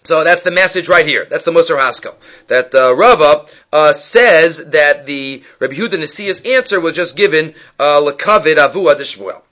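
A man leads a text-study lecture with a bright, forceful tone and a slightly high pitch. He keeps checking in with the listener, asking "right?", and he acts out the people in the stories he tells. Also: normal speed. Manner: lively, questions the listener with frequent "right?". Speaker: Talmud teacher.

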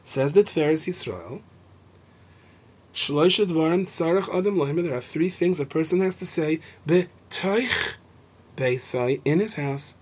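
A man explaining Mishnah to students, lively and acting out the lines he quotes. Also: fairly high pitch, normal speed, husky. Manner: animated, acts out shouting and gentle speech. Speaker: Torah teacher. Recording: dull lo-fi recording.

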